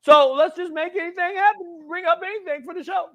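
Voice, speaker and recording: A man's voice: extremely high pitch, brisk, lo-fi sound, pitched above the performer's own voice. A man putting on a fired-up football coach. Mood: mocking. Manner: shouting, preachy, repeats "son". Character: loud fired-up male football coach breaking down film. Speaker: show host. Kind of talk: put-on voice in a podcast film breakdown.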